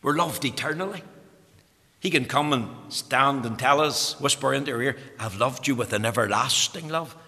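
A man's voice: medium pitch, moderate pace, sharp tone. A man preaching a sermon with fervor, swelling to emphatic peaks when quoting scripture and often repeating words as he starts a phrase. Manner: fervent, rising to emphatic peaks on scripture quotes. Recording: long hall reverb.

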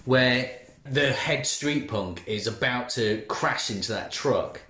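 A man's voice: medium pitch, slow, pushed and bright, roomy sound. A man co-hosting a podcast, chatting about a film with wry, joking asides. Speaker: podcast co-host. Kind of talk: casual comedic film chat.

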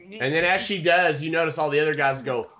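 A man's voice: a little high, brisk. A man narrating a tabletop game as game master, with frequent restarts. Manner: animated, stumbling restarts.

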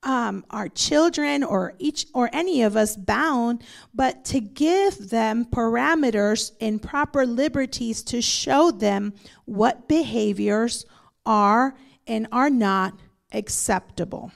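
Middle-aged woman pastor, gravelly and fairly high, conversational teaching. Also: slow. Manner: storytelling, conversational. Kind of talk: bible study teaching.

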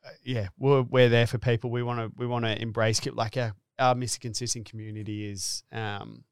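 A man's voice: medium pitch, level tone, a little fast, clear, resonant tone, dry recording, studio quality. A man hosting a podcast in an easygoing, casual way, calling his guest "mate". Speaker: podcast host.

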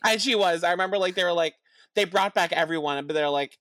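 A woman co-hosting a casual TV recap podcast, excitable, laughing often and swearing. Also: lowish voice, fast talker, dry recording, studio quality. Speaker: podcast co-host.

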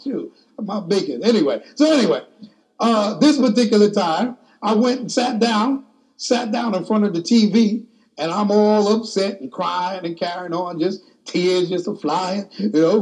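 A man's voice: sits high, normal speed, a little mellow, husky. A man preaching a sermon, telling a personal story in a folksy, colloquial way.

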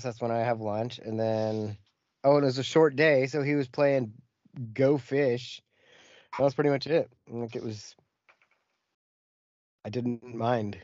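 A man's voice: mid-range voice, a little mellow, dry recording, muffled recording. A man chatting casually on a video call, rambling and swearing freely as he tells stories about his work as a teacher. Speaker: co-host, teacher. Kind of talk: casual chat.

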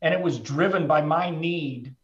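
A man's voice: a little high, moderate pace, a bit bright. A middle-aged man, a trader, telling a personal story in a frank, heartfelt, plain-spoken way. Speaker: trader speaking as a guest. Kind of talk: candid personal storytelling in a conversation. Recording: roomy, slightly dull sound.

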